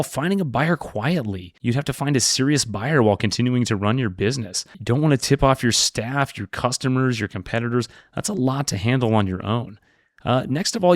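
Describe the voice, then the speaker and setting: A man's voice: medium pitch, no room sound, clean studio sound. A man working as a business broker, presenting an explainer video in a direct, upbeat teaching tone.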